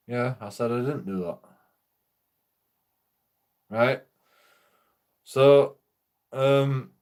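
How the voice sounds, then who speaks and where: A man's voice: medium pitch, lively intonation, slow, long pauses, darkish tone. A man casually telling a rambling, profane story while streaming a game, laughing often.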